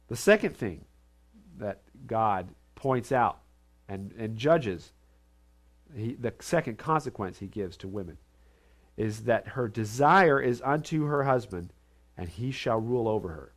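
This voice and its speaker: Male pastor, sermon, scripture reading, emphatic rises, quiet asides, church. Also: fairly low pitch, lively intonation, unhurried, long pauses. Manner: reads scripture aloud then explains it, with emphatic rises and soft asides.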